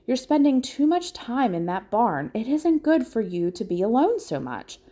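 A woman's voice: a little high, sing-song, moderate pace, mellow, pitched above the performer's own voice. A woman reading aloud and voicing a stern, practical farm mother who speaks in a firm, scolding way. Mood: coaxing.

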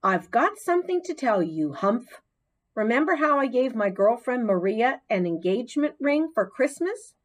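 A friendly, upbeat male school custodian, as a woman reading aloud puts him on, with a folksy, easygoing way of talking. His storybook voice jumps up and down with a lively lilt. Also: on the high side, voice pushed up.

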